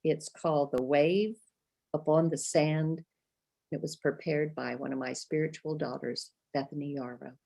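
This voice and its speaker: An older woman from the USA hosting a ceremony, speaking a slow, reverent spoken prayer and invocation. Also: deep voice, fairly even intonation, creaky, mellow. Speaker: ceremony host.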